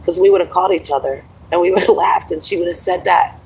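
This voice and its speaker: A woman's voice: lowish voice, fairly quick, a little mellow, slightly rough, distant mic, poor audio. A middle-aged woman chatting casually on a livestream, rambling and laughing often, calling listeners honey. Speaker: livestream host.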